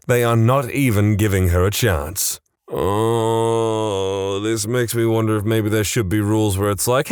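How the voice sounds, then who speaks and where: A man's voice: mid-range voice, lively intonation, moderate pace, clear, resonant tone, no echo, studio quality. A young man reading listener stories aloud as a podcast host, breaking in with wry, joking comments between them. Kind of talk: storytime reading with comic asides.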